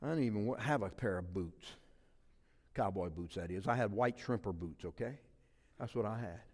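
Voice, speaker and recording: A man's voice: fairly low pitch, moderate pace, in a large hall. A man in his fifties from South Louisiana, preaching a sermon with emphatic, rising repeated phrases. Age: 50s. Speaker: pastor.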